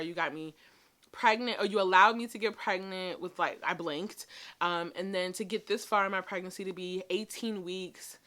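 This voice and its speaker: A woman's voice: mid-range voice, bright, forceful tone. A woman in her thirties chatting casually to camera as a beauty vlogger, emotional and full of ums and likes.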